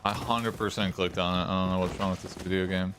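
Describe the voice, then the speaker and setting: Low-voiced blunt young gamer. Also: male voice, steady tone, fast talker, background noise. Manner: blunt, opinionated, rambling. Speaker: gaming streamer. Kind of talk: casual gameplay commentary. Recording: game sounds clearly behind.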